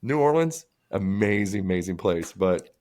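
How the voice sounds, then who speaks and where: A man's voice: low voice, normal speed. A man co-hosting a podcast, telling a crude story in casual chat and acting out the quotes. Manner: crude, animated storyteller who acts out quotes. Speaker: podcast co-host.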